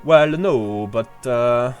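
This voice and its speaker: A man's voice: mid-range voice, very slow, clear, resonant tone, soft background music. A man streaming a game playthrough, chatting casually, rambling, swearing freely and answering his chat. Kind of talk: casual livestream commentary.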